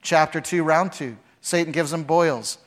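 Dramatic preaching man, slightly high voice. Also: measured pace. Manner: dramatic, acts out voices with big swings from shouting to hushed. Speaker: pastor. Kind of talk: sermon.

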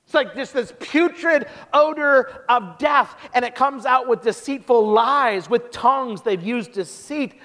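Animated high-voiced male preacher. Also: unhurried, hardly any pauses, long reverb tail. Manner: animated storytelling with restarts. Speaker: pastor. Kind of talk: sermon.

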